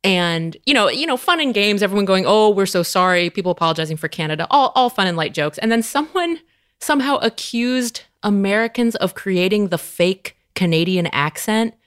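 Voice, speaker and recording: A woman's voice: medium pitch, lively intonation, a little fast, a bit bright. A woman hosting a podcast, chatting casually and laughing as she tells stories. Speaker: podcast host.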